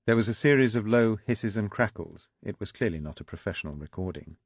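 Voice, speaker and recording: Deep-voiced male audiobook narrator. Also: expressive, fairly quick, no room sound, clean studio sound. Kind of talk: scripted narration.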